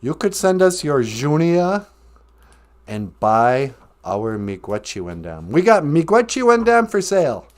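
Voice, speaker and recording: A man hosting a comedy podcast, delivering deadpan jokes and mock infomercial lines with bursts of laughter. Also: a little high, unhurried. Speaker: podcast host. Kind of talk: joking comedic monologue.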